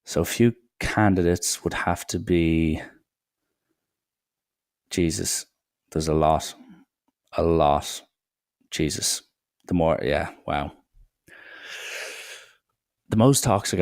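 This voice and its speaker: A young man talks through a solo podcast episode in a low, gravelly voice. His delivery rambles and stays irreverent, and he swears freely. The sound is dry and close, with little room around it. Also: takes it slowly, pauses often, a little mellow, dry recording. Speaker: podcast host.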